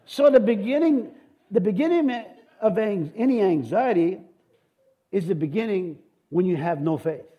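A middle-aged male pastor delivers a sermon in a high-pitched, breathy voice at a moderate pace, with the highs cut off in the recording. He is animated and lively, breaking into cheers and amens and slipping joking asides between points.

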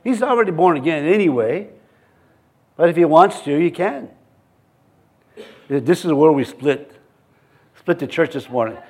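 A male pastor with a fairly high voice preaches to his congregation in a church. He mixes scripture readings with joking, chuckling asides. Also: expressive, unhurried, pauses often, breathy edge. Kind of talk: sermon.

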